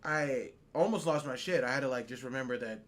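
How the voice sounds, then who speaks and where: A man's voice: mid-range voice, a little fast, fairly bright tone. A man co-hosting a podcast, ranting in heated, profane, incredulous bursts during casual talk. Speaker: podcast co-host.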